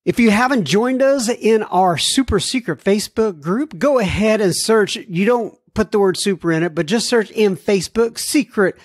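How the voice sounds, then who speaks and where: A man's voice: sits high, animated, normal speed, few pauses, dry recording, clean studio sound. A man hosting a recovery podcast in a casual, chatty, self-deprecating way, often laughing as he talks. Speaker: podcast host.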